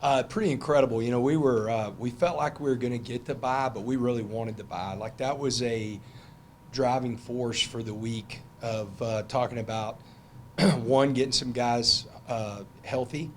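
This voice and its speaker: A man's voice: mid-range voice, steady tone, moderate pace, a little hiss or hum. A middle-aged man, a head football coach answering press conference questions in a loose, conversational way with many fillers and restarts.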